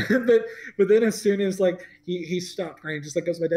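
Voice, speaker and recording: A young man telling a story in a casual livestream chat. His voice sits a little high, and he rambles through it with many fillers and "like"s, often laughing mid-sentence. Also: brisk, hardly any pauses, warm tone. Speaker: podcast host.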